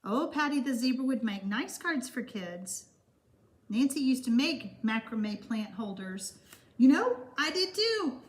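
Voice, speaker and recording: A woman's voice: on the high side, very animated, a little slow. A woman with a Texan accent hosting a chatty card-making live stream, gushing and rambling as she reads viewer comments. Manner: warm, gushing, rambling with fillers.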